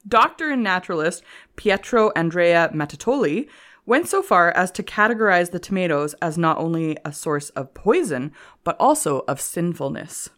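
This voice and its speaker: A woman's voice: on the low side, very animated, moderate pace, fairly bright tone. A woman co-hosting a casual comedy history podcast, reading her notes aloud and laughing often. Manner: giggly, reads notes between jokes. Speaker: podcast co-host.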